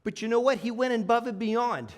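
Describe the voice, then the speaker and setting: Energetic, high-voiced keynote speaker. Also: male voice, a little fast. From Toronto, Canada. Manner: energetic, humorous storytelling with audience banter. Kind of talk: live comedic keynote presentation. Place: conference stage before a live audience.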